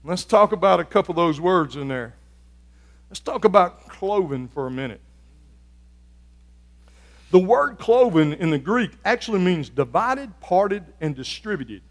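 A man preaching a sermon as a pastor, building from quiet, reflective talk to loud, fervent shouting. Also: high voice, lively intonation, measured pace, long pauses, long reverb tail. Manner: preaching with rising fervor, shouting at peaks.

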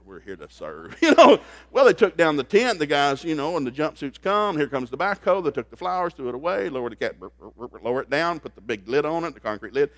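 A man preaching a sermon, telling stories in an animated way and laughing at them. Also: fairly high pitch, quick pace, few pauses, no echo. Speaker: pastor. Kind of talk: storytelling sermon.

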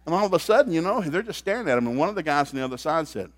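A man preaching a sermon, telling stories in an animated way and laughing at them. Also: on the high side, very fast, few pauses, dry recording. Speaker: pastor. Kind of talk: storytelling sermon.

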